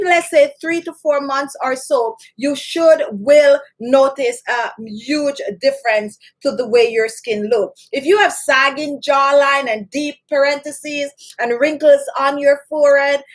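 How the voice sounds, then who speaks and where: A woman's voice: sits high, measured pace, hardly any pauses. A woman hosting a beauty channel, giving home skincare tips in a chatty, repetitive, instructive way and greeting viewers by name. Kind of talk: casual talk to camera.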